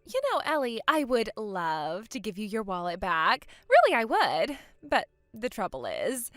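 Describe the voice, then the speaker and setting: A woman's voice: medium pitch, huge pitch swings, a little slow, fairly bright tone, dry recording, faint music behind. Woman putting on a bratty, gloating younger sister. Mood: taunting. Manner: gloating, taunting, giggly. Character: spoiled, vain, mocking younger sister, woman. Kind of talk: acted story dialogue.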